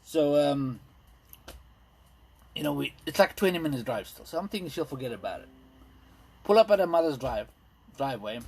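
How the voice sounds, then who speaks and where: Rambling stand-up man, slightly high voice. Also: animated, creaky, darkish tone, slightly rough. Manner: rambling, self-deprecating, lots of ums and pauses. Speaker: stand-up comedian. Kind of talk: stand-up set streamed live. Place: indoors at home.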